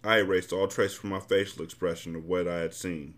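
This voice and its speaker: Podcast host reading an urban novel, lowish male voice, casual and blunt. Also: fairly even intonation, a little fast, fairly bright tone. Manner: casual, blunt, profane commentary. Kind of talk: reading a novel aloud and commenting.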